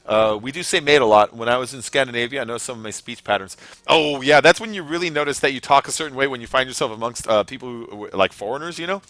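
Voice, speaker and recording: A man's voice: mid-range voice, fast, fairly bright tone, no echo. A young American man chatting casually while hosting a game live stream, rambling and laughing at his own jokes. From United States. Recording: faint background music.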